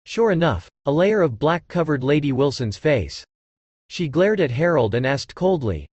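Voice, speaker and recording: A man narrating an audiobook in a steady, scripted reading. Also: a little high, moderate pace, husky, no echo, highs cut off.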